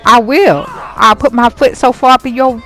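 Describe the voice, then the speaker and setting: A woman's voice: a little high, fairly even intonation, normal speed, a bit bright, voice pushed up, close to an everyday voice. A woman voicing a hot-tempered young man who blusters and threatens in street slang, for a life-sim game story. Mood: angry.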